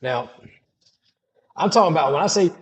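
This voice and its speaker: A middle-aged man tells his testimony in loose, slangy everyday talk. His voice sits a little high and swings widely up and down as he dramatizes each moment. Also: moderate pace. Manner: animated, dramatic, casual slangy speech. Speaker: storyteller sharing a testimony. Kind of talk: personal testimony storytelling.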